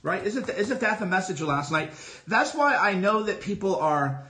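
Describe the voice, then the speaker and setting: A man's voice: sits high, lively intonation, normal speed, sharp tone. A middle-aged man on a solo livestream, talking casually with boastful, emphatic, repetitive declarations. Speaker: livestream host. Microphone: streaming from a phone.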